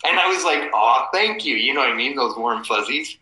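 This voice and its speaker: A man's voice: mid-range voice, lively intonation, brisk, echoey room, a crowd in the background, rough recording. A man in his forties, a guest in an interview, telling casual stories and animatedly acting out the people in them. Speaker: guest, cofounder of a map company.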